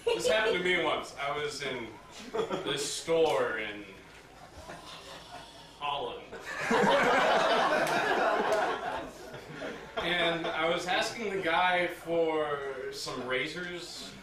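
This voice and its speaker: A man doing a stand-up routine, playing an ignorant bigot persona with a slow deadpan delivery that keeps breaking into laughter. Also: a little high. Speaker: stand-up comedian. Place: party venue with a live audience. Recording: echoey room, far from the mic, loud noise.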